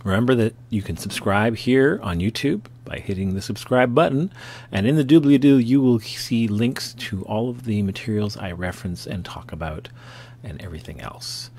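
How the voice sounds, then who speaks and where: A man's voice: fairly low pitch, normal speed, darkish tone. A man with a Canadian accent giving a conversational lecture about comics art from home, with frequent fillers and restarts. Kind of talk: recorded lecture with slides, self-recorded at home.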